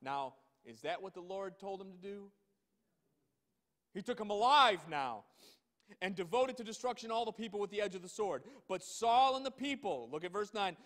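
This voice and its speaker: High-voiced male preacher in echoing hall. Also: lively intonation, fairly bright tone. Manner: reads scripture slowly and emphatically, then comments with rhetorical questions. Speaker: pastor. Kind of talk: sermon with scripture reading. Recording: long hall reverb.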